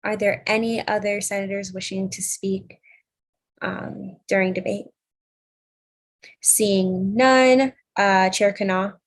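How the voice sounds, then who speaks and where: A woman's voice: mid-range voice, fairly even intonation, slow, pauses often. Young woman chairing a student senate. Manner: procedural, casual between motions. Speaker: senate presiding officer. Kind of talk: chairing a meeting.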